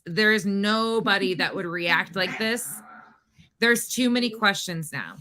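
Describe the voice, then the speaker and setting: A woman's voice: mid-range voice, bright, forceful tone. A woman hosting a casual livestream from home, talking in an exasperated, rambling way with lots of restarts. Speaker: livestream host.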